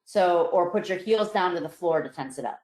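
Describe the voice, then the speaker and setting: A woman psychologist guiding listeners through a relaxation exercise, calm and slow, her voice softening on each release. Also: on the low side. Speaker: psychologist presenter. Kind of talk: guided relaxation instruction. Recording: roomy echo.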